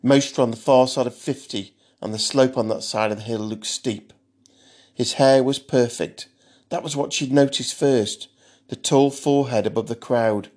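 A man reads a dark thriller aloud in a steady, measured storytelling voice. His pitch sits in a plain middle range. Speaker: narrator. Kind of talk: audiobook narration of a thriller.

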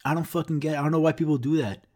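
A man's voice: on the high side, steady tone, racing, a little mellow. A man hosting a podcast, ranting in a rambling, profane and self-mocking way. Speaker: podcast host. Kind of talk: casual podcast rant.

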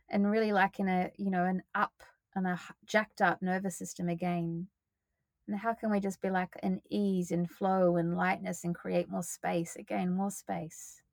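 A woman hosts her own podcast in a loose, expressive solo monologue and swears without apology. Her voice has a gravelly fry on it, and it sits at a middling pitch. The sound is dry and close. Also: no echo. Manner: expressive, swears freely, breathy sighs and laughs. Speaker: podcast host.

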